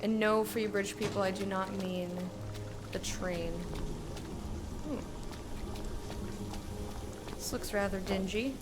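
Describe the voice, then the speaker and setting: A woman's voice: mid-range voice, steady tone, takes it slowly, pauses often. A young woman casually commenting on her gameplay, chatty, swearing and humming along. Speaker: gamer streamer. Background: game music.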